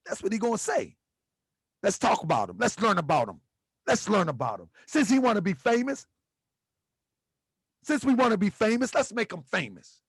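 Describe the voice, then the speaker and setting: High-voiced man, emphatic and repetitive. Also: big pitch swings, moderate pace, long pauses, slightly rough, no room sound, studio quality. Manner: repetitive, emphatic, rhetorical questions; casual, slangy speech. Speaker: channel host. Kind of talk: exposé commentary on video clips.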